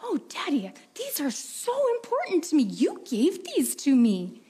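A breathless little girl pleads in a high, rising voice, as a woman preacher puts her on. She sounds devoted and clinging, like a child in a told story within a sermon. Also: huge pitch swings, measured pace, dark tone, a little hiss or hum, exaggerated voice. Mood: pleading.

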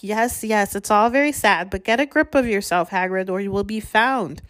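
A woman voicing a stern, brisk older female professor who scolds in hushed, clipped tones. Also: mid-range voice, no echo, clean studio sound, lightly acted. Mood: scolding.

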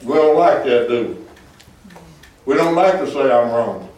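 A man preaching a fervent sermon as pastor, with call-and-response and bursts of shouting. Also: mid-range voice, lively intonation, takes it slowly. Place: church sanctuary. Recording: echoey church hall from far off.

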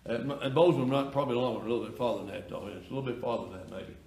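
A man, a pastor preaching a folksy sermon in a church that swells into loud cries. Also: medium pitch, racing. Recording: echoey church room from far off.

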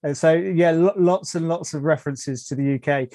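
A man's voice: fairly high pitch, normal speed, mellow, no room sound. An English man hosting a podcast interview, enthusiastic and often repeating words as he thinks. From England. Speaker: host.

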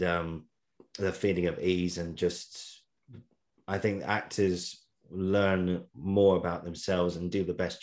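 A man's voice: low voice, darkish tone. A man interviewing a guest in a conversational way, rambling and encouraging, often laughing.

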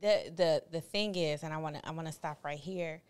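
A woman in her forties co-hosting a podcast, telling stories in a candid, animated, colloquial way. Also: sits low, brisk, smooth. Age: 40s. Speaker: podcast co-host. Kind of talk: casual chat.

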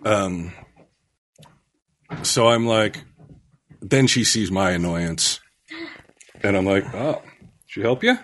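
A man co-hosting a podcast, telling a story in casual chat with animated delivery, swearing and acting out quotes. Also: lowish voice, takes it slowly, long pauses, a little hiss or hum. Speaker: podcast co-host.

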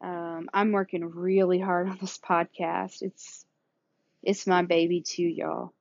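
A woman's voice: fairly low pitch, flat delivery, slow, gravelly, no echo, highs cut off. A woman with a Southern accent hosting her own podcast, talking in a casual, rambling way with frequent laughs and the odd curse word. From Kansas City area, USA. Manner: chatty and rambling, laughing often, cursing. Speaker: podcast host. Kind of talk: casual solo podcast talk.

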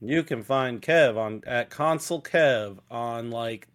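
A man's voice: mid-range voice, slow pace, fairly bright tone. Laid-back male podcast co-host. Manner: laid-back, dry comebacks. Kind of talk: casual chat.

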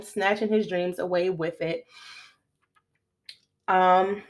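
Animated woman podcaster retelling a film. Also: mid-range voice. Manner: animated retelling with acted-out quotes; laughs often while talking. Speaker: podcast host. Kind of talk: casual film review podcast.

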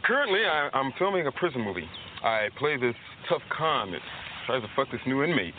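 An actor playing a cheerful graduate in a spoof commercial. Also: male voice, medium pitch, sing-song, fairly quick, close to an everyday voice. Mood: proud. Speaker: actor graduate being interviewed. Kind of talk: comedy film sketch. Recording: tinny phone-line film audio with hiss.

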